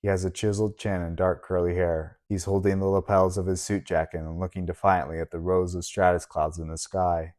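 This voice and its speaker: A man narrating an audiobook in a very low, deep voice. His reading is steady and measured, paced for a story.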